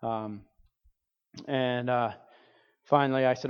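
A male pastor tells a personal story from the pulpit at an ordinary pitch. He talks loosely and conversationally, with fillers and restarts, and slips briefly into the voices of people he quotes. His voice carries a long church reverb and sounds a little dull and muffled. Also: flat delivery, a little slow, pauses often, clear, resonant tone. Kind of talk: sermon storytelling. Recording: dull reverberant hall recording.

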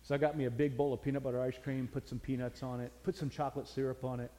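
A man's voice: medium pitch, flat delivery, racing, dark tone. Folksy older male preacher in a hall. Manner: folksy storytelling, earnest. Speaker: pastor. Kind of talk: sermon.

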